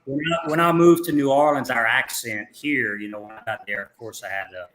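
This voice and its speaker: A man with a Ville Platte Cajun accent, a guest on a podcast, talking in a relaxed, halting way with frequent repeated words. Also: medium pitch, a crowd in the background. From Ville Platte, Louisiana. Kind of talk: casual chat. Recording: echoey room.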